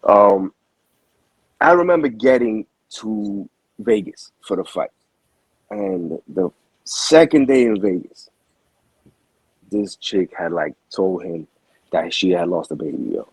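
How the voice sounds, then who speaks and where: A boxing manager tells his story in loose, slangy talk and keeps restarting his sentences. His voice is husky. The sound is close and dry. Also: lowish voice, slow pace, pauses often, no room sound, rough recording. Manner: animated storyteller, heavy slang, frequent restarts. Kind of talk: casual interview storytelling.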